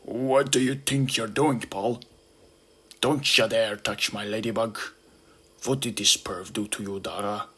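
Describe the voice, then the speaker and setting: A man doing a loud, bullying giant beetle. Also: on the low side, fairly even intonation, a little slow, husky. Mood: angry. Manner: loud, mocking, yelling. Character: huge bullying young male Hercules beetle.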